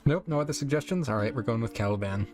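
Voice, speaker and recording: A man's voice: mid-range voice, lively intonation, quick pace, over music. A man reading out an AI text adventure and joking about it in an offhand, casual way. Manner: joking, offhand, laughs often. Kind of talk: casual narration and commentary.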